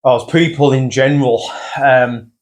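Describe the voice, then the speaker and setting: A man, hosting a casual podcast chat, blunt and quick to swear. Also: mid-range voice, steady tone. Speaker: podcast host. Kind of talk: casual conversation.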